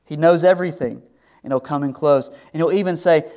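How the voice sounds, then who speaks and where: A man's voice: a little high, brisk, warm tone. A man preaching a sermon as pastor, earnest and conversational, with loose restarts.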